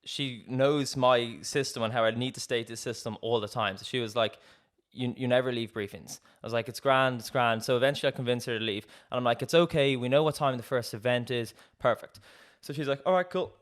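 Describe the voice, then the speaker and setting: A man's voice: mid-range voice, brisk, few pauses. A young man, a podcast co-host telling a story in casual chat, acting out quoted dialogue with frequent laughs. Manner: lively, acts out quoted dialogue, laughs often.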